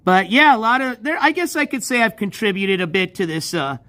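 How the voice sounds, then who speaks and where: A man's voice: high-pitched, sing-song, a little fast, pushed and bright, no echo. A man hosting a casual livestream outdoors by a backyard pool at night on a handheld phone, talking in a laid-back, rambling way with frequent chuckles. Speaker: livestream host.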